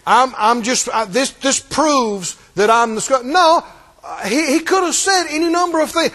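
High, lively-voiced preacher man in a reverberant hall. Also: moderate pace. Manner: emphatic, repetitive, call-and-response. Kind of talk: sermon.

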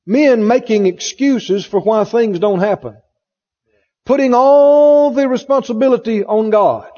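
A man's voice: very high voice, a little slow, warm tone. A man preaching a sermon emphatically, repeating phrases and asking the congregation questions. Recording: dull lo-fi recording in a reverberant hall.

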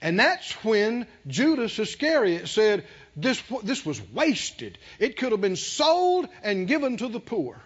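A husky, high-pitched man takes his time as he preaches. He tells a story with animated laughter and calls out to the congregation, heard through a dull lo-fi sermon recording.

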